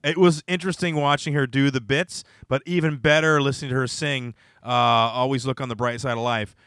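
A man's voice: mid-range voice, fairly even intonation, brisk, a bit bright, no echo. A man hosting a casual comedy podcast, joking and laughing through banter. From United States. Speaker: podcast host.

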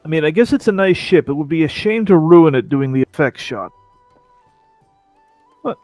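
A man jokes his way through gameplay commentary with a sarcastic edge. His voice sits slightly high, recorded dry and close, with faint game music behind him. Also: lively intonation, normal speed, a little mellow, no room sound. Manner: sarcastic, joking asides. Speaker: Let's Play commentator. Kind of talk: casual comedic game commentary.

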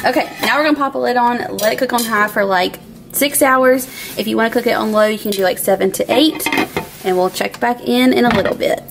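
A woman vlog host cooks in her home kitchen, chatting in an upbeat way and saying "y'all." Her voice is fairly high and fast with vocal fry, over a noisy background.

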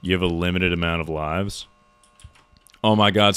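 A young man with a low voice chats through a live game stream. He jokes around, reacts to the game and reads out chat messages. The sound is dry and close. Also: fairly even intonation, normal speed, pauses often, fairly bright tone, clear, resonant tone, dry recording. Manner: jokey, reacts to chat and thanks subscribers.

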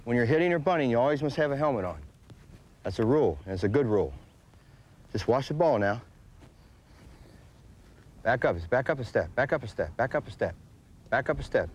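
A man's voice: mid-range voice, lively intonation, a little fast, long pauses. A man coaching children through bunting drills outdoors, patient and repetitive as he demonstrates. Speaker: baseball coach. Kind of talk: outdoor bunting instruction to kids. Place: outdoor ball field.

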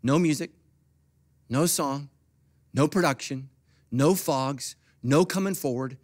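A middle-aged man preaching a sermon as pastor, jumping between quiet asides and loud animated peaks, with humorous asides to the congregation. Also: mid-range voice, slow pace, pauses often. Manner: animated preaching with big swings from soft to loud.

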